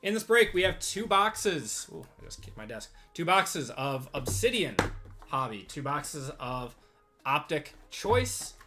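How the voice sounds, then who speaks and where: A man hosting a live stream from his desk, chatty and upbeat with quick laughs. His voice sits a bit high and sounds bright and forceful, though slightly strained. Faint music plays behind him. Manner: upbeat, chatty, reads out buyer names, laughs easily. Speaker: host of a live sports card group break. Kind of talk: casual live-stream chat.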